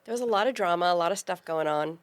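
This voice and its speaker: A woman in her forties, a podcast guest, telling a lively personal story in casual conversation. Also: fairly low pitch, quick pace, clean tone. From California. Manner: lively storyteller, acts out quoted voices.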